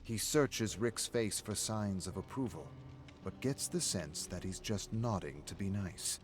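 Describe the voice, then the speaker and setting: A man narrating a story in an even, measured reading style. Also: fairly low pitch, a little hiss or hum.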